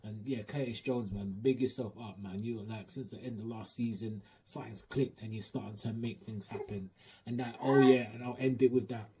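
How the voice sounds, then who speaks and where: Slangy football fan ranting. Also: male voice, lowish voice, a little fast, slight background noise. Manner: animated, slang-heavy, rambling. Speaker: fan sending in a match review. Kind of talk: excited football fan rant.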